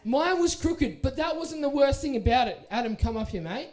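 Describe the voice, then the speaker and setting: A young Australian man giving a casual talk to a youth group, telling a story in a lively, playful way and acting out the people in it. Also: extremely high pitch, normal speed. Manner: animated, playful, acts out the people in his story. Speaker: youth speaker.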